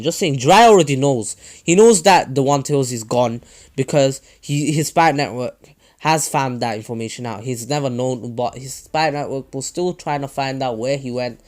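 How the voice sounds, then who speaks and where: Man with a mid-pitched voice who narrates a fan story loosely and chattily, over faint music. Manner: rambling, with many restarts and fillers. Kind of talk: casual fan-story retelling.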